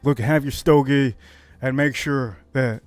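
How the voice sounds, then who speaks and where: A man from Miami hosting a casual whiskey livestream, brash and hyped, jumping to high shouts on catchphrases. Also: steady tone, a little slow, dry recording, faint music behind. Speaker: livestream host reviewing whiskey.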